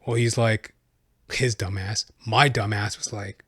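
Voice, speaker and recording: A man's voice: on the low side, steady tone, a little slow, a bit bright, breathy edge, dry recording, studio quality. A man hosting his own podcast, telling stories in a casual solo monologue, profane and rambling. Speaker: podcast host.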